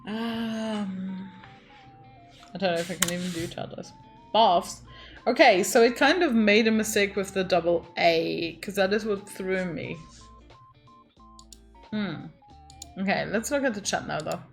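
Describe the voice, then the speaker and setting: A woman streaming a game, muttering and thinking aloud as she plays. Her voice sits at a middle pitch, and faint music runs in the background. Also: unhurried, gravelly, long pauses. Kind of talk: casual let's-play commentary.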